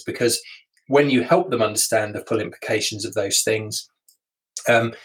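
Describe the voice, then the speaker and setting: A man's voice: mid-range voice, low-quality recording. Chatty man hosting a podcast. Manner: chatty, relaxed, with frequent fillers and restarts. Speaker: podcast host. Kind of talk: casual solo podcast talk.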